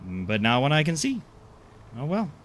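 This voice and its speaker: A man chatting away to his viewers while he streams a game, rambling and poking fun at himself. His voice sits a little high and bounces animatedly up and down, with a faint hiss of noise underneath. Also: huge pitch swings, normal speed, a bit bright. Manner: chatty, self-deprecating, rambling. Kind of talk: casual live-stream chat.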